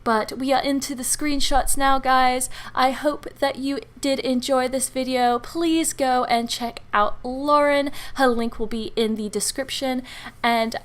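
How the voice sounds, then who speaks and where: A woman's voice: high voice, fairly even intonation, a little slow. A young woman telling a story in a casual, rambling way over her gameplay. She uses many fillers and asides. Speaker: YouTube game builder.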